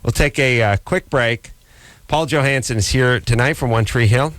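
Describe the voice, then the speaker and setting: A man's voice: medium pitch, moderate pace, fairly bright tone, dry recording. A man in his forties hosting a comedic call-in radio show, talking in sarcastic, ranting banter. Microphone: studio radio microphone.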